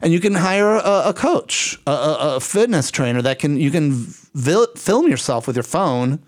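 A man co-hosting a podcast in a casual, energetic, rambling and playful way. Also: a little high, normal speed. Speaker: podcast co-host. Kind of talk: casual chat.

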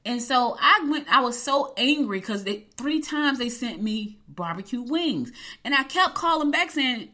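A woman's voice: on the high side, measured pace. A middle-aged woman, telling a story to her viewers in a casual, emphatic way and acting out what people said. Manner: animated, emphatic, acts out quotes. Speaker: vlogger.

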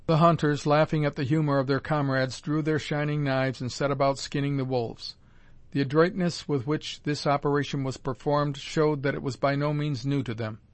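A man narrating a first-person adventure audiobook in a measured, formal storytelling manner. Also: a little high, fairly even intonation, dry recording.

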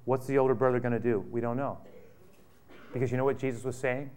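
A male pastor preaching a sermon with passion, repeating phrases and asking rhetorical questions, swinging from loud bursts to hushed asides. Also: mid-range voice, little pitch movement, fast talker, pauses often. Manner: impassioned, repetitive, with rhetorical questions.

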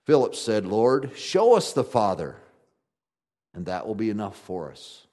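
Animated man preaching a folksy sermon. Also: lowish voice, a little slow. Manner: animated preaching with big swings from loud to quiet; conversational, folksy asides. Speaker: pastor.

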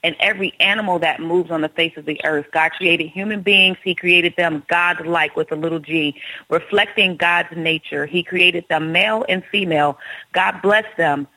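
A woman's voice: fairly low pitch, fairly even intonation, normal speed, bright, forceful tone, dry recording, poor audio. A woman hosting an internet Christian radio show, reading scripture and encouraging listeners in an emphatic preaching manner.

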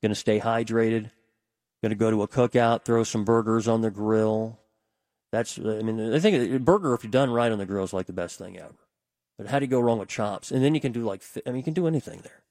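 A man's voice: lowish voice, fairly quick, darkish tone, no echo, clean studio sound. A man filling in as a radio talk host, rambling conversationally and tossing questions out to listeners on a call-in show. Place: radio studio.

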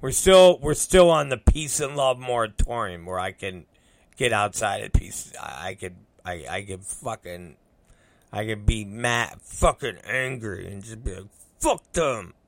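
With a fairly low, creaky voice, a middle-aged man tells an animated, slightly slow story, rambling as he goes. He swears a lot and acts out people's words, recorded dry.

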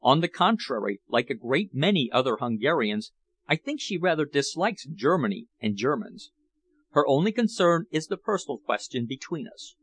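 A man's voice: mid-range voice, sing-song, moderate pace, fairly bright tone, slightly rough, dry recording. A man reading the part of a grave English nobleman who speaks formally and grimly. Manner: formal, grim.

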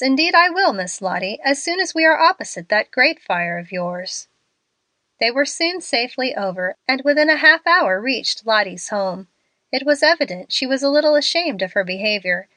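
A woman narrating a classic story with a lively, expressive voice. She reads clearly, and her pitch sits a touch high. The sound is dry and close to the mic. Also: no room sound. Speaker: audiobook narrator.

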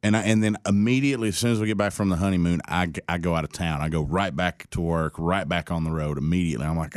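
In a relaxed interview, a young country singer from Tennessee tells a story, mimicking other people's voices and laughing along. His very low voice moves briskly, recorded close and dry with no echo.

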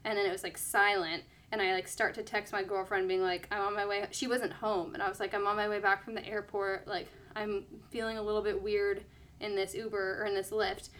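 A woman's voice: medium pitch, little pitch movement, brisk, a bit bright. A young woman telling a personal story in casual chat, full of fillers and acted-out quotes. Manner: chatty, lots of "like", quoting others.

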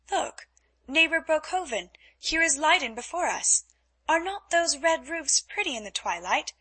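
A woman's voice: on the high side, pushed and bright, husky, exaggerated voice. A woman voicing a cheerful young Dutch heiress who talks in a light, lilting way.

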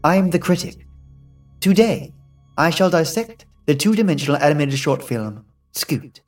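A man voicing a tall, smug, menacing male critic with a raspy British accent and a condescending manner. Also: a little high, big pitch swings, unhurried, recorded from a distance, faint music behind, voice pushed up.

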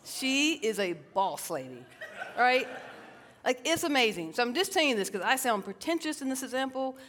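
A middle-aged woman from South Carolina, a psychotherapist giving a lively, self-mocking storytelling talk and calling the crowd y'all. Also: high voice, moderate pace. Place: large hall with a stage. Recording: long reverb of a large hall.

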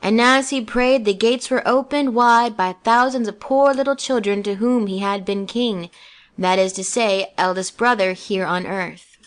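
A woman narrating a children's storybook aloud in a gentle, measured reading. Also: medium pitch.

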